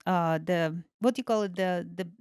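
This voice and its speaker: A woman's voice: fairly low pitch, moderate pace, a little mellow, smooth, no room sound, studio quality. A woman guest in a casual interview who searches for words, with many fillers. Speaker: guest artist.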